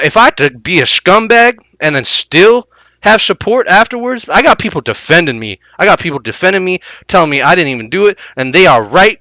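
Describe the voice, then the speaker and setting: A man's voice: a little high, bright, forceful tone, dry recording, low-quality recording. A man putting on a boastful, shady male gaming vlogger with a lisp, swaggering and rambling as a parody impression. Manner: swaggering, repeats his own name, hyped and rambling.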